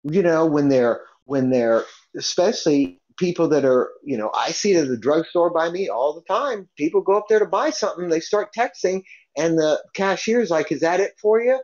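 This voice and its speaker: A man's voice: a little high, expressive, normal speed, a little mellow. A man co-hosting a casual podcast, rambling with restarts and repeated phrases. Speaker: podcast co-host. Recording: dull lo-fi podcast recording.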